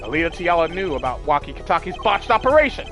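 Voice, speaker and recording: Player doing an earnest young male defense lawyer, forceful accusations, lively pitch, game music behind. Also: fast. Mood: accusing.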